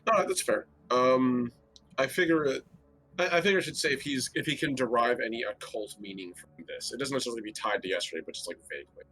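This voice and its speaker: A man's voice: mid-range voice, fast talker, sharp tone, husky, faint music behind. A man playing a tabletop game, thinking aloud in a loose, chatty way. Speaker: player. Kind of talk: casual tabletop game talk.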